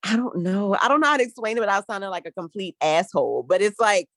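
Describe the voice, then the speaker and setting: Frank young woman with a lively voice. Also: medium pitch, quick pace, no room sound. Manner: frank, laid-back, lots of "like" fillers. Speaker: podcast co-host. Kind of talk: casual chat.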